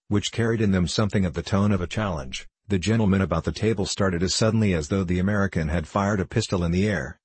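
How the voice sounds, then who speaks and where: A man narrating an audiobook in a low, husky voice with measured, even storytelling. The sound is dry and close. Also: no echo.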